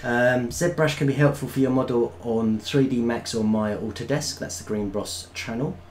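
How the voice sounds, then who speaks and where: A man's voice: medium pitch, moderate pace, slight background noise. A man co-hosting a live stream, reading out viewer comments in a casual, hesitant way with many ums. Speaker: co-host reading chat.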